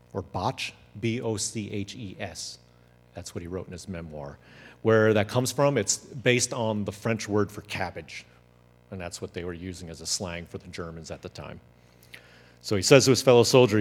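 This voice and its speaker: A man's voice: fairly low pitch, moderate pace. Man telling history, hall echo. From United States. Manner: animated, acts out quotes. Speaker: speaker. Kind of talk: storytelling talk. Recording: long hall reverb.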